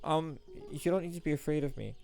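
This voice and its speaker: A man's voice: a little high, a little fast, creaky, darkish tone, soft background music. A man voicing an earnest young foreign woman who stammers and pleads when flustered. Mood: cheerful.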